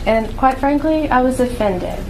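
A woman legislator giving a firm, deliberate statement at a press conference. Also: sits high, animated. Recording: press conference clip with background noise.

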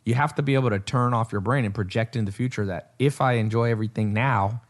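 A man's voice: mid-range voice, fast. Rambling male podcast host. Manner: rambling storyteller, acts out quotes. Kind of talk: casual chat.

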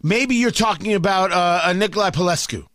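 A man's voice: high voice, a little fast, fairly bright tone, no echo, clean studio sound. A man hosting a political commentary show, sarcastic and emphatic, needling his target. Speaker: commentary host.

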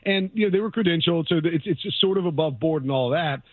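A man's voice: a little high, fast talker, no room sound. A man co-hosting a sports radio show, casual and sarcastic, rambling with frequent restarts. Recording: tinny phone-like radio audio.

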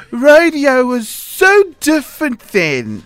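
A man's voice: extremely high pitch, huge pitch swings, slow pace, a bit bright, clear, resonant tone, dry recording, heavily acted. A man voicing a prim, demanding 76-year-old widowed granny on a radio show. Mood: prim, fussy. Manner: fussy, demanding, giggly. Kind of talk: radio show read-aloud.

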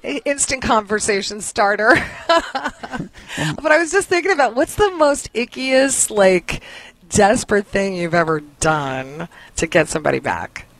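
A woman's voice: mid-range voice, sing-song, measured pace. Candid middle-aged woman co-hosting a podcast. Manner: candid, self-mocking, searching for words. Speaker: podcast co-host. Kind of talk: casual chat.

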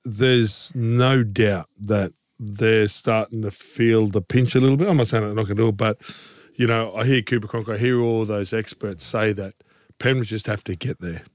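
A man's voice: fairly low pitch, steady tone, moderate pace, dry recording, studio quality. An Australian man co-hosting a casual sports podcast, talking in a rambling, teasing way full of fillers. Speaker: co-host.

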